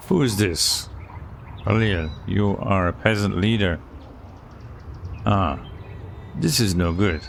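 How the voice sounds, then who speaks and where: Man, very low voice, gravelly, reads game events aloud, mutters asides, faint background noise. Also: takes it slowly, pauses often. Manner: reads event text with a storyteller lilt, then mutters asides. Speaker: let's play streamer.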